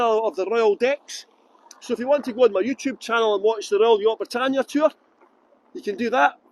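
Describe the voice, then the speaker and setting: A Scottish man leading a live walking tour outdoors, chatting casually and reading viewer comments as he goes. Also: very high voice. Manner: chatty, rambling, reads viewer comments aloud. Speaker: tour guide. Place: outdoors on a waterfront.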